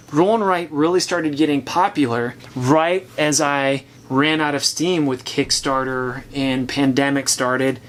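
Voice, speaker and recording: Here the board-game reviewer's voice sits a little high, and there's a slight hiss or hum in the recording. He hosts the casual chat, thinking aloud and offering chatty, opinionated views.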